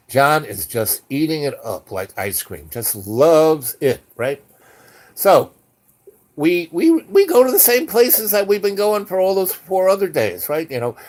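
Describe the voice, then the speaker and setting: A man telling a long anecdote in a casual, rambling way, with frequent restarts and fillers. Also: mid-range voice. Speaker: storyteller.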